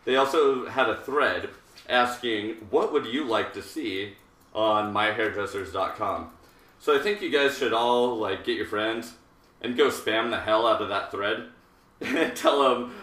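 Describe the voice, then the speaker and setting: Man in his 30s, rambling live-stream chat, forceful bright tone, slightly low voice, echoey room, mic set back. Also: a little slow. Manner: rambling and jokey, with many fillers and asides. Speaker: hairdresser hosting a live haircutting show. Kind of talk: casual live-stream chat while demonstrating a haircut. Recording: roomy, distant live-stream audio.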